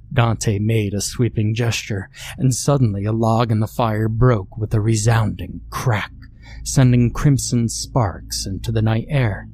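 Slow, deep-voiced male horror narrator. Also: steady tone, a little mellow, slight background noise.

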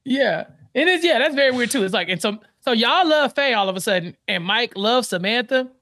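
Man as recap podcast co-host; lively, jumps into character quotes; dry, close, deadened sound. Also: extremely high pitch, a little fast, dry recording. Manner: animated, acts out characters with exaggerated quotes. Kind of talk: casual TV recap chat.

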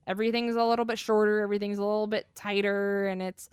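A woman's voice: mid-range voice, level tone, fast, clear, resonant tone, no room sound, studio quality. A young adult woman co-hosting a casual podcast, talking in an enthusiastic, rambling way and laughing as she goes. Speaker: podcast co-host. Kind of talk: casual chat.

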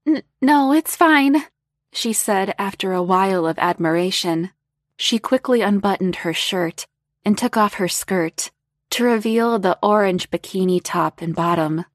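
A woman reading a story aloud as narrator in a slow, even, unhurried way. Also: mid-range voice, no room sound, studio quality.

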